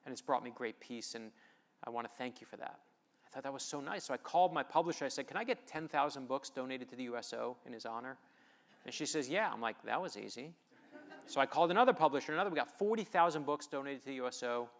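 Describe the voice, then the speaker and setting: A middle-aged man giving an inspirational storytelling speech at a festival, emphatic and animated as he acts out conversations. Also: mid-range voice, quick pace. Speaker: author giving a festival talk. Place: festival stage before an audience.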